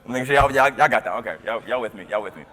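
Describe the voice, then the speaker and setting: A young man from Tennessee, giving a motivational keynote as a storyteller. He swings from loud to hushed and often repeats his words. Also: mid-range voice, rapid-fire. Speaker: motivational speaker. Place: large conference hall. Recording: long hall reverb.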